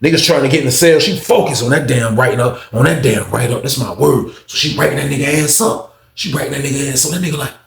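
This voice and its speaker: Man, casual storytelling, profane, animated, repeats himself, roomy echo. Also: medium pitch, quick pace, vocal fry. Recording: echoey room.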